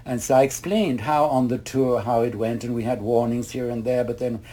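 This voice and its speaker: A man's voice: medium pitch, fairly even intonation, normal speed, dark tone. An older man, a retired ballet master, telling a long rambling anecdote in a casual interview, quoting others along the way. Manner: rambling anecdotal, quotes others, many asides.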